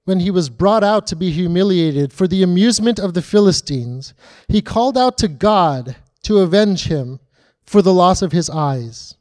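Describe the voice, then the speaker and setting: A man preaching a sermon, retelling the story dramatically and dropping to a hush on key lines. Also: sits high, expressive, a little slow.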